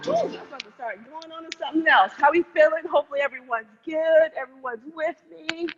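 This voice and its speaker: Talking fast with a high pitch and lively intonation, a woman instructs an online hip hop dance session from a room, cheerfully counting beats out loud. Audio quality is dull and lo-fi, with echo and slight background noise.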